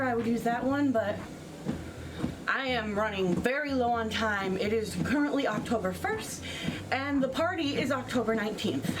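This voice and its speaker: A young woman vlogger with a voice on the high side talks casually while out of breath on a treadmill, rambling with lots of fillers. There's background noise, with music playing behind her.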